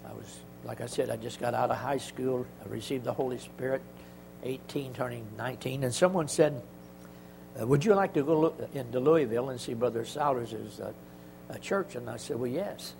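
An older man giving a church testimony, telling stories in a halting, folksy way with many restarts. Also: mid-range voice, gravelly, noisy background. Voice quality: halting, rambling delivery with frequent restarts.

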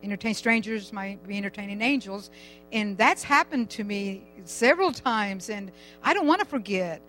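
An older woman stands up in church to share a personal testimony, rambling and chatty, with a laugh slipping into her talk. Her pitch sits in the middle range, and faint music plays behind her. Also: expressive, moderate pace, fairly bright tone, rough recording. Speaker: church member giving testimony.

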